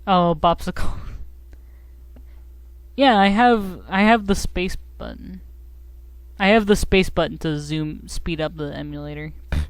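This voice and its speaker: Give me a giggly, slow-talking woman streamer. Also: on the low side, smooth, no room sound. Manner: giggly, self-mocking, rambling. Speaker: game streamer. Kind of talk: casual live-stream chat.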